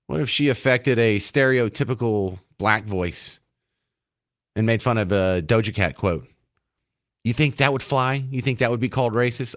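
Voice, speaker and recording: A man hosts a talk radio show, delivering opinionated commentary laced with sarcasm and mocking rhetorical questions. His medium-pitched, fairly bright voice has lively intonation and normal speed, recorded dry and clean in a studio.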